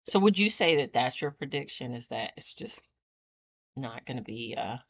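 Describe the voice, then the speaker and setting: A woman's voice: a bass voice, expressive, moderate pace. A middle-aged woman, the host's mother, chatting casually with short replies and frequent laughter. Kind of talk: casual chat.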